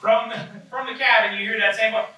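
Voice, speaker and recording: A man running a live comedy tabletop game as game master, chatty and joking with quick asides. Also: sits high, fairly even intonation. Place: comedy club stage. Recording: echoey club from far off, noisy. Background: audience laughter.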